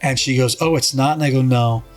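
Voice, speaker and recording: A man in a middle pitch chats casually as a podcast guest. He rambles through a story, restarts sentences, and acts out what other people said. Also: steady tone, fairly quick, faint music behind.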